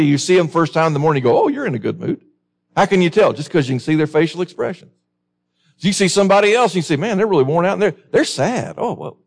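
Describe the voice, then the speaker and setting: A middle-aged man preaching a sermon, reading scripture aloud and putting questions to his listeners. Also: on the high side.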